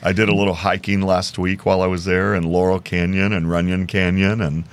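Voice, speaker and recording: A man's voice: sits low, little pitch movement, a little fast, clear, resonant tone. A man hosting an interview podcast in an upbeat, enthusiastic way, chatting casually over a video call. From Houston, Texas. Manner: upbeat, enthusiastic, laughs often. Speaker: podcast host.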